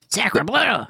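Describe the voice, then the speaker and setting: A man's voice: very high voice, gravelly, sharp tone, no echo, clean studio sound, pitched above the performer's own voice, full character voice. A man doing a silly, exaggerated voice of a young mock-French partygoer.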